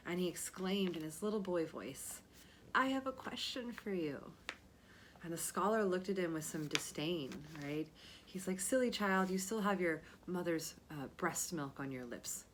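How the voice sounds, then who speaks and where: Chatty woman telling a story. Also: fairly low pitch. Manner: chatty, checks in with "right?". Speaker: yoga teacher. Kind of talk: casual storytelling from a book.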